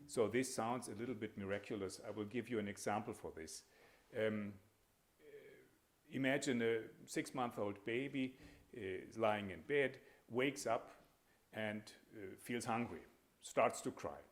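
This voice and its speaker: Man, fairly low voice, academic lecture, measured pace with many pauses, hesitant fillers. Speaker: panel speaker.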